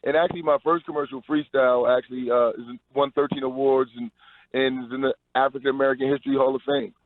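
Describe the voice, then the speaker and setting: A Harlem Globetrotters player calls into a radio interview, upbeat and promoting, though he keeps stumbling and restarting his sentences. His mid-range voice is fairly even and fast, the recording dry and the phone line tinny.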